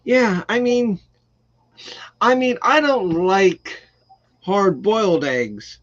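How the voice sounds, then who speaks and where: A man's voice: high voice, lively intonation, extremely slow, long pauses. A man hosting a casual chat show, blunt and profane, reading out comments from chat. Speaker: host. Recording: dull lo-fi stream audio.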